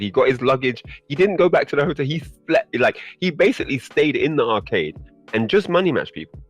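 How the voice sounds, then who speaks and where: A man guest on a podcast, telling a story in a casual, animated way and laughing often. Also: brisk, soft background music. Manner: animated, laughing, rising pitch when excited.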